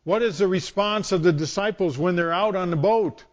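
A man's voice: high-pitched, moderate pace. A man preaching a sermon in a storytelling way, acting out scenes with different voices.

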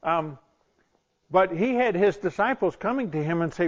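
A man preaching a sermon, telling a story in animated fashion and acting out the voices of its people. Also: high voice, moderate pace, lo-fi sound. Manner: animated, acts out the voices in his stories.

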